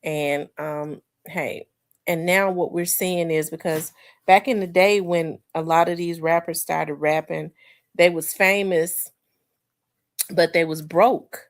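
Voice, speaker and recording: A woman in her forties hosting a casual livestream, rambling with fillers and restarts, talking to viewers as y'all, congested and clearing her throat. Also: fairly low pitch, steady tone, slow. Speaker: livestream host. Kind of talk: casual livestream commentary, reading chat.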